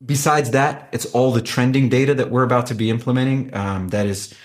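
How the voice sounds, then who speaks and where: A man who is a company executive, pitching his product in an animated, emphatic way with frequent restarts. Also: brisk. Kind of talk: conversational business pitch.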